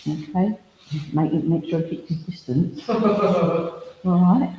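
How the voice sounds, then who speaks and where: Slow-paced and high-voiced, a man working as a medium gives a humorous, chatty demonstration at a village hall service, rich in asides and anecdotes. The lo-fi recording carries echoey hall reverb and a faint noise.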